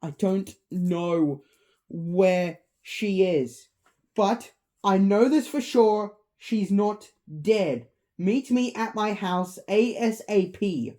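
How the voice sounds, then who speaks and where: A woman voicing a frightened young woman who delivers grave, drawn-out warnings. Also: mid-range voice, mellow, pitched above the performer's own voice.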